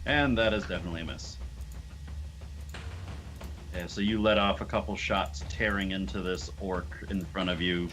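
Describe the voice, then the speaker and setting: A man narrating a tabletop game as game master, in a relaxed, casual way with lots of fillers. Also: deep voice, normal speed, pauses often, slight background noise.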